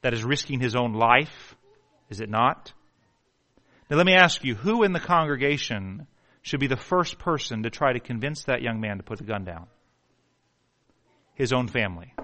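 A man preaching a sermon with passion, swinging from hushed pleading to near shouting and stumbling over words when worked up. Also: medium pitch, lively intonation, normal speed, pauses often. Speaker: pastor.

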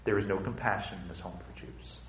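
A man's voice: sits low, fairly quick, a bit bright, roomy sound, slight background noise, pitched below the performer's own voice. A man voicing a stern, hateful father who lectures his child.

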